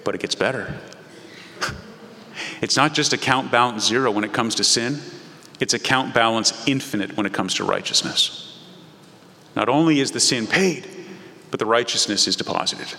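A man preaching a sermon as pastor, animated and acting out little scenes as he explains. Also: medium pitch, moderate pace, gravelly, pauses often. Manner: animated, acts out scenes in voices. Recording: long hall reverb.

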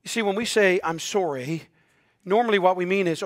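Male pastor, high-pitched, earnest sermon delivery that sinks to near-hushed lines. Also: brisk. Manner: earnest preaching that drops to hushed, quiet stretches.

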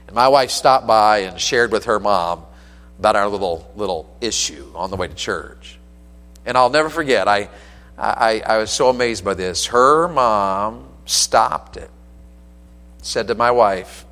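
A middle-aged man preaching a sermon, moving between quiet storytelling and loud, urgent exhortation. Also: on the low side, animated, measured pace. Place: church sanctuary at an evening service. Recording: long reverb of a church hall.

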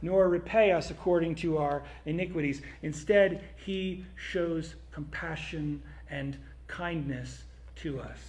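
A man's voice: on the high side, slow, a little mellow. A man preaching a sermon in a conversational way, with frequent asides to his listeners.

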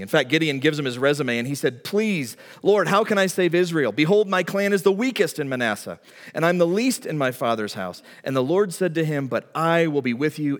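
A man preaching a sermon as pastor, swinging between loud emphatic lines and soft, quiet asides. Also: medium pitch. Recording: long hall reverb.

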